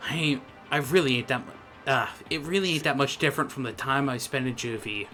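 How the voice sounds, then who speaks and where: A streamer reading the lines of a foul-mouthed, tough teenage delinquent in a game, talking gruffly and with slang. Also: mid-range voice, a little fast, sharp tone, soft background music, close to an everyday voice. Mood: grumbling. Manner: gruff, grumbling, drops slang like "ain't". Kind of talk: reading game dialogue aloud in a let's play.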